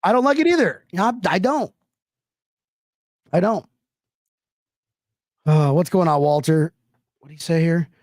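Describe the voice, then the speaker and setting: Chatty, high-voiced male stream host. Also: sing-song, a little slow, pauses often, a little mellow, no echo, studio quality. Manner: loose, rambling, profane, chatty with viewers. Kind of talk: live sports talk stream.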